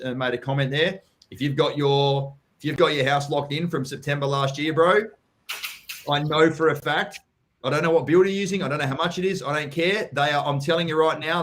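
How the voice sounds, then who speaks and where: An Australian man in the host's chair of a live property Q&A. He talks straight and matey, drops curse words often, and calls listeners mate and bro. His pitch sits in the middle for a man. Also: fairly bright tone. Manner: blunt, sweary, matey. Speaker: property coach hosting a live Q&A. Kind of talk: casual live-stream chat.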